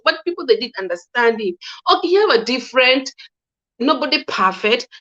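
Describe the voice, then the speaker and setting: A woman's voice: a little high, fairly bright tone. Earnest woman, dull lo-fi sound. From Kenya. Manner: earnest, repetitive, restarting sentences. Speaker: commentator. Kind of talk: casual opinion monologue.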